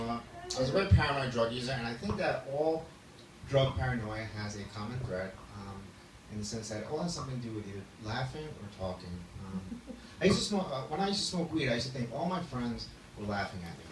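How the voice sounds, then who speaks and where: A man's voice: mid-range voice, lively intonation, fast. A man in his thirties doing a stand-up comedy set, self-deprecating and laughing at his own jokes. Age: 30s. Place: small club stage with audience. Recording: echoey room from a distance, loud noise.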